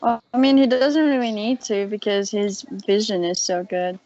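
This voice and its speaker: A woman playing a tabletop game, speaking calmly. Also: medium pitch, normal speed. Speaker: player. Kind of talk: casual tabletop play. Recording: dull lo-fi with faint hiss.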